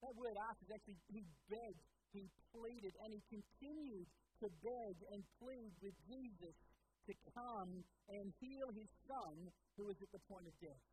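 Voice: mid-range voice, a little slow, darkish tone, a little hiss or hum, poor audio. A pastor giving an earnest sermon, speaking straight to the congregation with rhetorical questions. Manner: earnest, addresses listeners directly with rhetorical questions.

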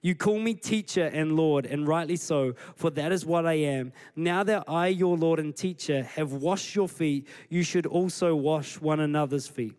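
A man delivers a church sermon. He reads scripture and then retells it, voicing the characters' lines in a fairly high, expressive voice. The tone is of a preacher speaking to a congregation. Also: normal speed, few pauses, clean tone. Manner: animated storytelling, acting out scripture scenes. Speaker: pastor.

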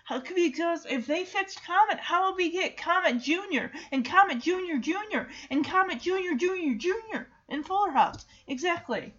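High-voiced woman recapping a sitcom, sarcastic. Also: normal speed, few pauses, muffled recording, slight background noise. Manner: animated, sarcastic, chatty. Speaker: recap podcast host. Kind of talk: casual episode recap commentary.

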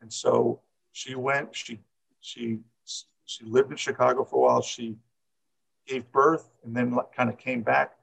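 A man's voice: medium pitch, flat delivery, measured pace, vocal fry, a bit bright, slightly rough, poor audio. A middle-aged man who coaches, telling a personal story in an interview, rambling and repeating words with many fillers.

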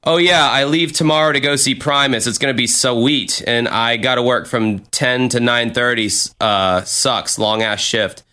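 A man's voice: mid-range voice, fairly even intonation, normal speed, few pauses, sharp tone. A young American man reading his old journal aloud with a friend, self-mocking and swearing freely. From United States. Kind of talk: casual chat reading aloud.

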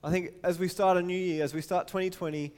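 A man in his thirties preaching a sermon to his church, animated and repeating words for emphasis. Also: high-pitched, quick pace, clear, resonant tone. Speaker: pastor. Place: church hall.

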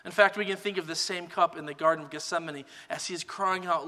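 Bright-voiced pastor in a reverberant church. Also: male voice, a little high, fast. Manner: relaxed conversational teaching, many "kind of" hedges. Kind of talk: sermon.

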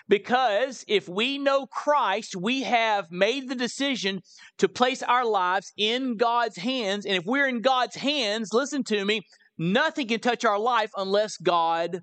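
A Southern American pastor with a fairly high voice preaches live from the pulpit. He hammers his points home with repetition and asks the congregation to respond. The sound carries the long, ringing reverb of a large church sanctuary. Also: sharp tone. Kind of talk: sermon.

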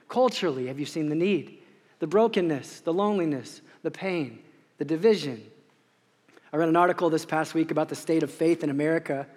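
A high-pitched man in his forties delivers a passionate sermon, driving home his points with urgent, repeated questions. His voice rings out with a long reverb through a church sanctuary. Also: fairly quick. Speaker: pastor.

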